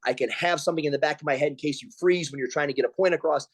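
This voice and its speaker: Man in his 40s on a video call, slightly high voice, tells stories fast and acts out the quotes. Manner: animated storyteller acting out quotes in raised voices. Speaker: pro wrestler and comedian guest. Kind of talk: storytelling interview over video call.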